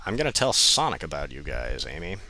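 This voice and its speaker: A man's voice: extremely low pitch, very animated, fairly quick, pushed and bright, full character voice, low-quality recording. A man voicing a preachy teenage boy who threatens to tell on others, in a whiny way. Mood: tattling.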